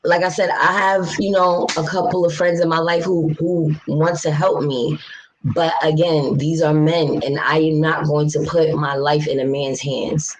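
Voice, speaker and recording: She's a New York City livestream host with a low, level, unhurried voice, heard on a rough recording with a little hiss or hum. In casual chat she reads viewer messages aloud and talks straight to her audience, bluntly, passionately and with plenty of swearing.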